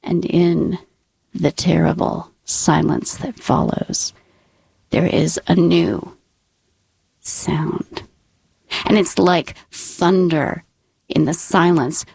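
A woman tells a true story slowly and deliberately, lingering on her words. Her humor is wry and deadpan, and she sinks into hushed whispers at the tense moments. The sound is dry and close. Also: lowish voice, vocal fry, husky, no echo. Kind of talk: live personal storytelling.

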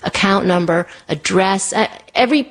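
A middle-aged woman telling a personal story live, animated, acting out the people in it. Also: moderate pace. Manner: animated, acts out her child in a high voice.

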